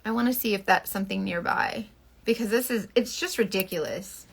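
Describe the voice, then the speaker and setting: A Florida woman in her thirties chats and vents on a casual makeup livestream, talkative and exasperated, letting slip the occasional swear word. Her medium-pitched voice moves fairly quickly, with vocal fry and a breathy edge.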